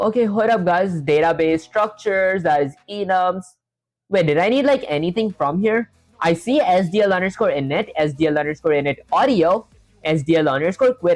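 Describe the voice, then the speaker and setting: Chatting away while she codes on a live stream, this young woman muses aloud, answers comments from chat, and keeps saying "guys" and "honestly." She has a darkish, mid-range voice.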